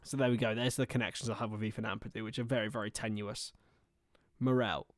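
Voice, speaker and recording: A man's voice: lowish voice, fairly even intonation, fast, no echo, studio quality. A young man giving casual livestream football commentary, mixing play-by-play with rambling, chatty asides. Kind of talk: casual watchalong match commentary.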